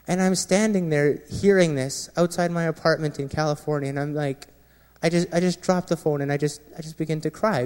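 A man, a former Marine, sharing an earnest personal testimony with a gathering, often dropping quiet and low at painful moments. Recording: long reverb of a large hall.

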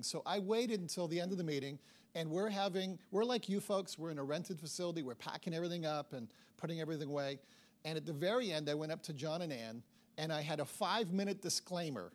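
A middle-aged man preaching a sermon, telling a story with lively acted-out dialogue. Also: a little high, fast talker. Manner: animated storytelling, acts out dialogue. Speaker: pastor.

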